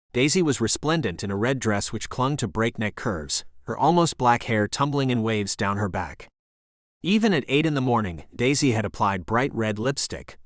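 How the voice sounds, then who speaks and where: Male narrator for romance fiction, animated delivery, mid pitch, dry booth. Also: no room sound. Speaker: audiobook narrator. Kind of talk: scripted narration.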